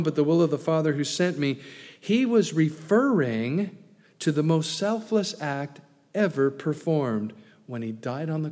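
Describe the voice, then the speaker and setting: A man's voice: fairly high pitch, darkish tone, in a large hall. A man preaching an expository sermon in an earnest, emphatic way, often repeating words and adding asides.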